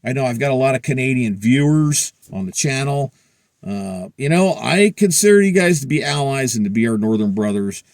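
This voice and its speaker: A man's voice: medium pitch, animated, moderate pace, darkish tone, no echo, studio quality. A middle-aged man hosting a prepper channel, talking to camera in a blunt, profane, heated casual rant.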